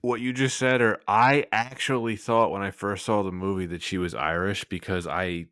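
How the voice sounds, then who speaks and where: A man's voice: fairly low pitch, fairly even intonation, moderate pace, a bit bright, smooth, dry recording. A man on a film podcast who makes dry wisecracks and restarts his sentences. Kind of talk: casual film review chat.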